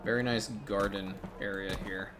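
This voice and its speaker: A man giving casual, chatty commentary over a city-building game, turning gleeful and loud when something delights him. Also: low voice, moderate pace, background noise. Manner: chatty, excitable, bursts into gleeful shouting. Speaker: gaming YouTuber.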